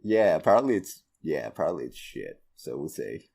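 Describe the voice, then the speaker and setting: A laid-back man chatting on a podcast. His voice sits very low and has a husky grain. He drops in the odd swear word and laughs easily. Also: very animated, a little fast, dark tone. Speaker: podcast co-host. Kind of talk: casual chat.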